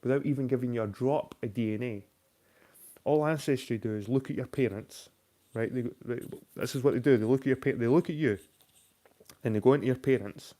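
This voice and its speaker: A man's voice: medium pitch, fairly quick, dark tone. A man hosting a casual late-night chat, reading viewer questions and ranting with lots of swearing. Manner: reads viewer questions aloud. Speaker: host.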